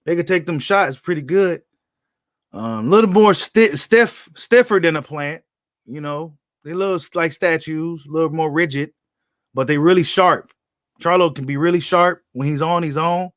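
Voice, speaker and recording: A man's voice: on the high side, moderate pace, fairly bright tone, no echo, clean studio sound. Blunt, slangy man talking boxing. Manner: blunt, slangy, repeats himself. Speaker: boxing commentator host. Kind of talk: casual live-stream commentary.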